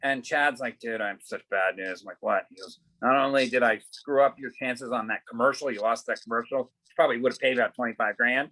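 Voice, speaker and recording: A man's voice: mid-range voice, brisk, hardly any pauses, sharp tone, poor audio. A middle-aged man, an actor, telling stories in a casual interview, acting out quoted dialogue and swearing casually. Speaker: actor guest.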